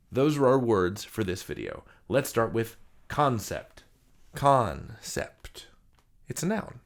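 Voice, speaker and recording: A man teaching a vocabulary lesson in a playful, jokey, theatrical scripted style. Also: mid-range voice.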